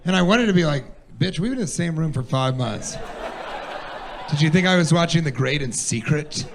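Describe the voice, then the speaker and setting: A man doing stand-up comedy on a club stage, telling animated stories and putting on mocking high voices for the people he quotes. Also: normal speed, gravelly, a little hiss or hum. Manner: animated storytelling, quoting his partner in a mocking high voice.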